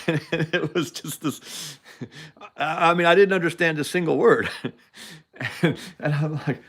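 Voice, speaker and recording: A man's voice: a little high, measured pace, a bit bright. A man hosting a show, telling a story casually, rambling with frequent laughs and restarts. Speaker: show host.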